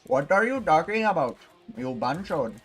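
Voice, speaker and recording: Man doing a trash-talking male fighter, brash, exaggerated threats, pitch pushed up, faint music behind. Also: sing-song, moderate pace, breathy edge. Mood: mocking.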